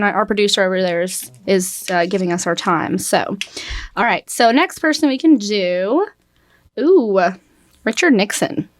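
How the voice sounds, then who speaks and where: A woman's voice: medium pitch, dry recording, studio quality. A young woman hosting a casual interview, chatty and bubbly. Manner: chatty and bubbly, laughs easily. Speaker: interview host.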